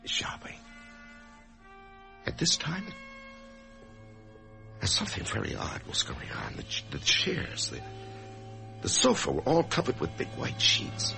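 An actor playing an anxious office worker who expects to die, narrating and speaking in a hesitant, stammering way in an old radio drama. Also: male voice, on the high side, huge pitch swings, slow, vocal fry, long pauses, bright, forceful tone, soft background music, exaggerated voice. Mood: brooding. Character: anxious male office worker facing death. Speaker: narrator and lead character. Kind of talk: 1950s radio drama acting.

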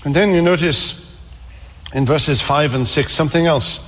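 A man preaching a sermon, earnest, repeating phrases for emphasis and slowing down on key lines. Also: fairly high pitch, a bit bright. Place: church. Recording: long reverb of a church hall.

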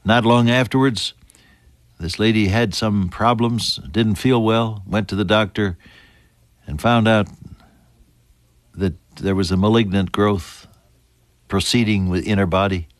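Earnest low-voiced male preacher. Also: fairly even intonation, a little slow, long pauses, no room sound. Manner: earnest, swells to emphatic peaks then drops soft and hushed. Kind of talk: sermon.

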